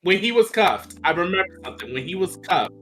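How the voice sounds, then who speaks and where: A man with a bright, forceful voice pitched a little high, talking animatedly in a casual podcast chat. He slips into quick acted-out lines for characters. Faint music sits behind him. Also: big pitch swings. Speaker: podcast panelist.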